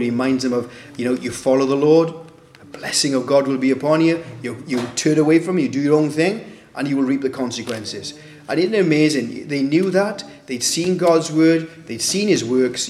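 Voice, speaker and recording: Preaching conversationally in an echoey room, a man with a medium-pitched, darkish voice poses rhetorical questions and acts out the voices of the people he quotes. There's a little hiss or hum on the recording.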